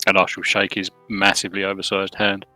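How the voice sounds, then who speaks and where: Guy playing a tabletop game, flat bright voice, blunt, dry, faint music. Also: sits low, fairly quick, no echo. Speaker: player.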